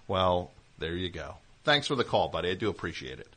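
With a low-sitting voice that's bright, forceful, and very animated, a man hosts a call-in radio broadcast. He teases his callers, meanders through tales, and keeps up rapid back-and-forth.

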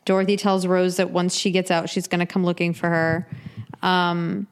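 A woman's voice: on the low side, little pitch movement, normal speed, clean tone. Woman recapping a TV plot in casual chat. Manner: recaps plot, acts out characters' lines. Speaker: podcast co-host.

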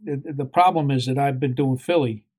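A man of middle pitch answers as a guest in an interview. He talks haltingly and fills his pauses with hesitations. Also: darkish tone. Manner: halting, lots of fillers. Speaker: actor, guest. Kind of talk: conversational interview.

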